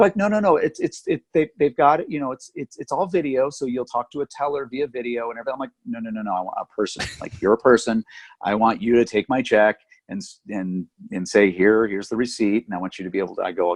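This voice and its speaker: Animated and doing the voices of the people in his anecdote, a middle-aged man tells a story while co-hosting a podcast in casual conversation. His voice is on the low side with a breathy edge.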